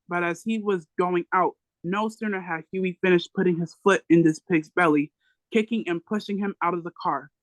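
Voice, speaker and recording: A book club reader reading a memoir aloud in a plain, steady way, now and then stopping to correct a word. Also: medium pitch, no echo, low-quality recording.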